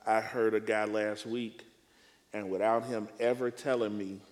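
A male preacher speaking in a panel discussion on preaching, with a measured, emphatic, deliberate way of phrasing. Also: fairly low pitch, steady tone, long reverb tail.

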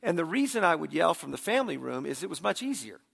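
A man's voice: on the high side, sing-song, fast, vocal fry, a bit bright, husky. A middle-aged man preaching a sermon in a conversational way, often restarting words as he begins a thought. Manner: conversational, repeats words when starting sentences. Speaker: pastor.

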